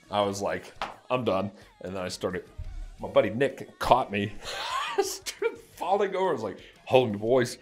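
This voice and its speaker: Excitable man telling a lively story. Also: lowish voice. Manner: excitable, laughs often, lively bursts of shouting. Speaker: music reaction channel host. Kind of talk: excited casual storytelling to camera.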